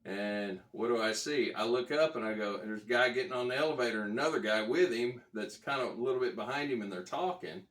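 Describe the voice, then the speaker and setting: A man's voice: medium pitch, fast talker, few pauses, fairly bright tone. A man who buys and trades guitars, telling a long anecdote in a casual, rambling way, correcting himself as he goes. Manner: rambling, self-correcting, chuckles as he tells it. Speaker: guitar dealer vlogger. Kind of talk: casual storytelling to camera. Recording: roomy, distant from the mic.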